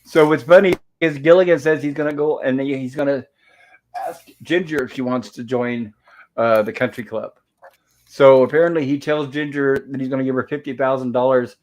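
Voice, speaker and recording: A man in his home talks through an old sitcom episode in a relaxed, meandering way. His voice sits at an ordinary middle pitch. He chuckles often and strings thoughts together with "and of course" as he goes. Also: moderate pace. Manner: rambling, chuckling, leans on "and of course". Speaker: host recapping a TV episode. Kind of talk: casual episode review chat.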